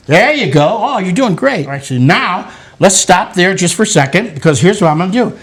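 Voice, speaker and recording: An older man with a notably high voice hosts a relaxed home cooking show. He coaxes and cheers on children as they work, in a playful, encouraging way. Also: brisk. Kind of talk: casual cooking demonstration with kids.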